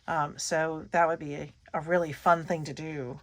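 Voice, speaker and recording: A woman's voice: low-pitched, flat delivery, moderate pace. Chatty woman gushing over paper. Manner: chatty, gushing, trails off mid-sentence. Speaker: scrapbooking channel host. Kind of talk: casual show-and-tell chat.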